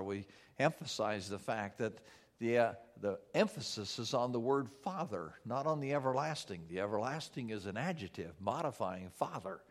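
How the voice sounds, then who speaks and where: A man preaching a sermon as pastor, earnest, slowing down for emphasis and dropping soft and low when he prays.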